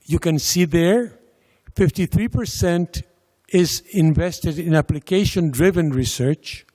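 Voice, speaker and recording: A man giving a slide presentation about a funding agency's programs, speaking slowly and deliberately with pauses and fillers. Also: on the high side, mellow. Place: lecture hall. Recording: lecture hall with long reverb.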